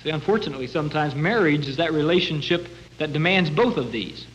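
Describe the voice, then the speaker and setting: A man's voice: on the high side, lively intonation, fast talker, fairly bright tone, a little hiss or hum. A male preacher giving a sermon, telling Bible scenes and acting out the voices in them. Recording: dull lo-fi recording.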